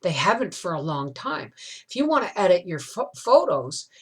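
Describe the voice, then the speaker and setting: A woman's voice: lowish voice, very animated, normal speed, breathy edge. A middle-aged woman vlogging, telling a long, emotional personal story in a rambling, confiding way, often tagging lines with "right?". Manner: tag questions like "right?". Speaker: homestead vlogger. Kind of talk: casual storytelling chat.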